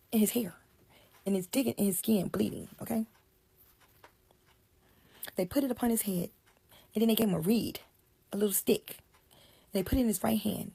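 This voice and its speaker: A woman retelling a Bible passage in a casual, animated way, explaining as she goes and often dropping to a hushed whisper. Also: a little high, gravelly, slightly rough, no room sound. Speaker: Bible storyteller.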